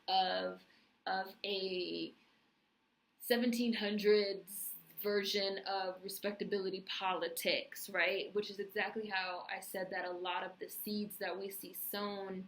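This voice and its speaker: A woman's voice: medium pitch, sharp tone, echoey room, low-quality recording. A woman giving a casual spoken TV review, emphatic and full of "right?" asides. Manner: emphatic, frequent "right?" and "like" fillers. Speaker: TV recap vlogger.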